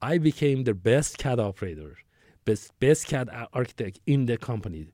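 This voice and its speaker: A man's voice: medium pitch, sing-song, normal speed, mellow, no room sound, clean studio sound. A man in his sixties telling a long work story as an interview guest, rambling, with restarts and acted-out dialogue. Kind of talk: conversational storytelling.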